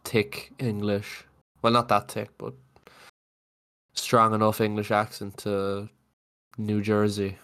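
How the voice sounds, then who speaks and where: A man's voice: lowish voice, monotone, slow pace, long pauses, fairly bright tone, smooth. A man co-hosting a podcast in casual chat, sick with a cough, dry and laid-back. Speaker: podcast co-host.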